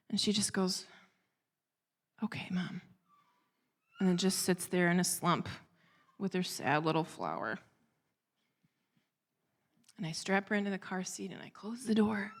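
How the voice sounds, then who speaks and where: A woman delivers a church sermon as a lively personal story. She talks in a casual, conversational way, full of asides, and acts out the dialogue of the people in it. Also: medium pitch, gravelly. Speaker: church speaker.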